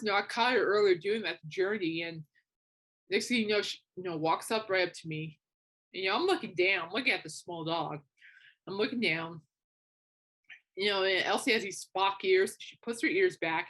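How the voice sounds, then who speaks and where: Young woman podcaster, casual chatty storytelling, a bit low-pitched. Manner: chatty storytelling with animated quoted asides. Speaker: podcast host. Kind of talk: casual chat.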